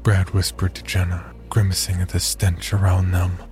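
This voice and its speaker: A man reads a horror story in a very low voice that barely moves in pitch. His delivery is slow, measured and somber, with faint music playing underneath. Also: completely flat delivery, darkish tone. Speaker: narrator. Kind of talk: scripted horror story narration.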